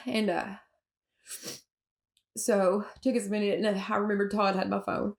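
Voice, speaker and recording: A woman with a Southern accent and a gravelly, fry-laden voice tells her story in an interview. She talks haltingly, with many fillers and restarts, and laughs nervously as she goes. Her pitch sits in the middle for a woman. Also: fairly even intonation. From Alabama. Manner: emotional, with nervous laughs at hard moments. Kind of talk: personal recounting in an interview.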